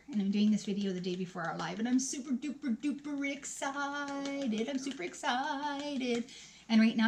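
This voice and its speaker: A woman in her fifties chatting through a makeup vlog at home, rambling and self-mocking with animated asides. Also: mid-range voice, a little hiss or hum. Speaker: beauty vlogger. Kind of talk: chatty get-ready-with-me vlog.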